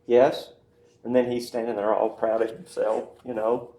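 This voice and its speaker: A man's voice: mid-range voice, level tone, normal speed, dark tone. Guy lecturing a class, keeps saying right? yes?, echoey room, mic kinda far away. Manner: chatty, tags sentences with "right?" and "yes?". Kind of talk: classroom lecture with personal anecdotes. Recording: roomy, distant mic, faint room noise.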